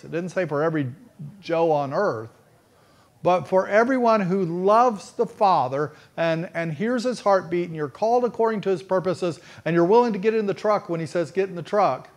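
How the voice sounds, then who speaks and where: A man preaching a storytelling sermon in a folksy, earnest way, with frequent restarts. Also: sits high.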